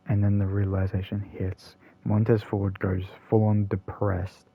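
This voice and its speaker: A man's voice: fairly low pitch, little pitch movement, moderate pace, dry recording, dull audio. A man hosting a gaming channel, giving rambling, casual commentary full of ums and self-corrections.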